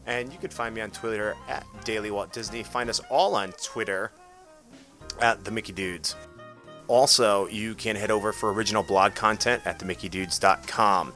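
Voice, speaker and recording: A man's voice: on the low side, normal speed, sharp tone, soft background music. A man hosting a casual podcast, chatty and full of restarts as he wraps up the show. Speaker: podcast host.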